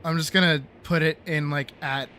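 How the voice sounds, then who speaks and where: A man chatting casually on a game stream, relaxed and talkative, answering chat and laughing often. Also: fairly high pitch, moderate pace, slight background noise.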